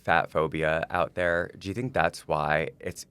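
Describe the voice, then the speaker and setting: A man's voice: low voice, steady tone, a little slow, a bit bright, smooth. A man on a podcast, telling a personal story in casual chat, rambling with lots of likes and restarts. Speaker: podcast co-host.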